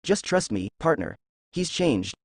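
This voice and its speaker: A man's voice: a little high, big pitch swings, a little slow, dry recording, pitched above the performer's own voice. A man voicing a playful, optimistic young male ninja in a read-aloud story. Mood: upbeat. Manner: playful, upbeat.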